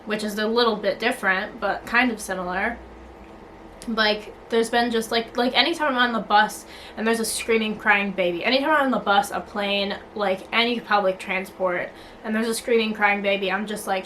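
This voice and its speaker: A woman's voice: on the high side, moderate pace, pushed and bright, slight background noise, rough recording. A young woman venting casually to her camera, blunt and sweary, full of filler likes and restarts. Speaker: vlogger. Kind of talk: casual talking-to-camera rant.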